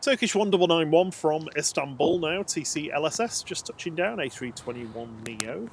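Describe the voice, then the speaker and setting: A man giving lively live plane-spotting commentary outdoors at an airport, reading out flight details. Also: fairly high pitch, a little fast. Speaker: live stream co-host. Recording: windy outdoor ambience, audible noise.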